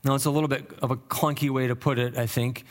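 A man's voice: medium pitch, little pitch movement, quick pace. A pastor preaching an expository sermon, earnest and thinking aloud, often repeating words and lifting his voice to stress key phrases.

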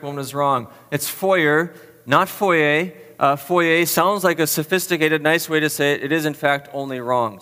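Bright-voiced pastor in a reverberant hall. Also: male voice, mid-range voice. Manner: chatty and self-deprecating, asks the audience questions. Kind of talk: sermon with a playful word quiz. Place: church hall with an audience. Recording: long reverb of a large hall.

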